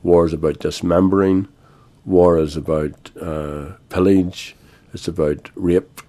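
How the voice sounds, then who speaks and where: An older Irish man, a guest in a radio interview, speaking in a measured, grave way with frequent pauses. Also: sits low, fairly even intonation, dark tone. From Ireland.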